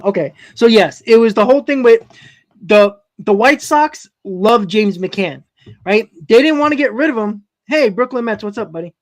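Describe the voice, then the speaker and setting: A man's voice: high-pitched, lively intonation, moderate pace. A man with a New York accent hosting a live-stream sports talk show, rambling and often correcting himself as he answers his chat. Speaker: host.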